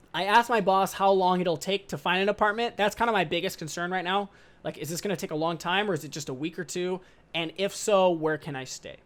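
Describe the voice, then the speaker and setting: A young man in his twenties hosting a casual podcast, rambling in loose slang with casual swearing and an upbeat, excitable manner. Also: on the high side. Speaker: podcast host.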